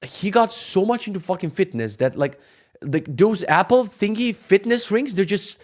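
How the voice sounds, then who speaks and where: A man in his thirties telling a casual story to camera for his vlog, animated and profane, acting out quotes along the way. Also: sits high, moderate pace. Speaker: vlogger.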